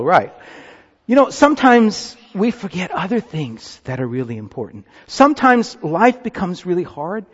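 A breathy edge rides on his fairly high voice. Leading a children's sermon, the pastor coaxes the congregation into a group activity, captured as muffled sound in a reverberant church.

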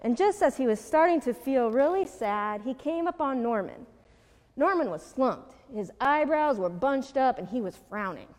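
A woman reading a picture book aloud to children, high-voiced and very lively, with playful asides. Her voice trails a long reverb, as in a large hall. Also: normal speed. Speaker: storyteller for children.

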